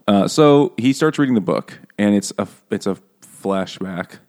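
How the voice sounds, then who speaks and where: A low-pitched man riffing loosely on a podcast, cracking crude jokes and wandering off mid-sentence. His talk is casual and profane, full of restarts and asides. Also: lively intonation, normal speed, a little mellow. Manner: rambling, joking, profane. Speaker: podcast co-host. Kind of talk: casual chat.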